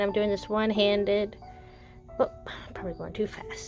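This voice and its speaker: A woman's voice: mid-range voice, fairly even intonation, moderate pace, a little mellow, soft background music. A woman chatting casually in a show-and-tell vlog, gushing and rambling with fillers and self-corrections. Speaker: doll collector vlogger.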